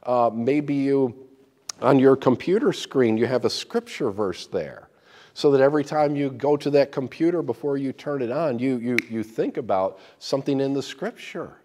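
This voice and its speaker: A man with a medium-pitched voice preaches a sermon at a moderate pace, explaining scripture through folksy stories. His storytelling is animated, full of restarts and repeated words.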